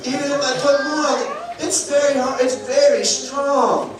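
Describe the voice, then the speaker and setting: With music playing, a male pastor with a very high-pitched voice gives a playful children's sermon at a normal speed in a church sanctuary, asking the kids questions while showing them props. It's recorded from a distance in a very echoey hall with room noise.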